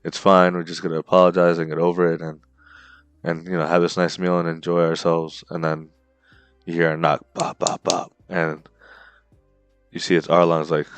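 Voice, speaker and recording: Deep-voiced man retelling a story, bro-heavy. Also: normal speed, long pauses, smooth, no room sound, soft background music. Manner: excited storytelling, says bro and dude a lot. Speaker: podcast co-host. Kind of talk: casual chat.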